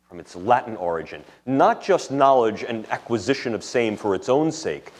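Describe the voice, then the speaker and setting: Very animated and at normal speed, a man of medium pitch talks with hardly any pauses. He's a guest lecturer with a New York City accent, giving a discursive, jargon-heavy academic lecture to an audience in a lecture room.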